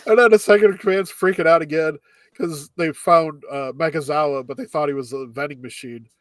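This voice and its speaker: Male podcast co-host, slightly high voice, dry close sound, chatty recap, laughs a lot. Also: fairly even intonation, a little fast, no room sound. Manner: laughs often while recapping. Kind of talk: casual anime recap chat.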